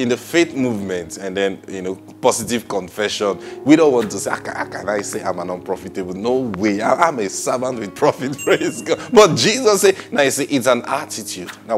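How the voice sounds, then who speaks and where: A man preaching a sermon in an emphatic, lively way. He laughs often between points and drops into a low mutter when he acts out what people say. Soft music plays faintly behind him. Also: fairly quick, hardly any pauses.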